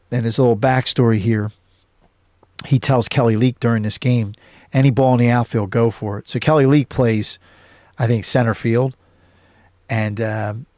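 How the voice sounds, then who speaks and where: A man's voice: mid-range voice, darkish tone, no room sound, studio quality. A man hosting his own show, casually recapping a film scene by scene with many fillers and restarts. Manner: rambling recap with many fillers and self-corrections. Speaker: host.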